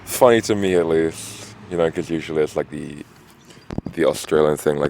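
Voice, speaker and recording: A man's voice: extremely low pitch, steady tone, normal speed, creaky, darkish tone, slight background noise. A tired, dehydrated man rambling outdoors at a roadside camp, full of fillers and swearing. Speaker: vlogger on a long walk. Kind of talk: rambling casual monologue.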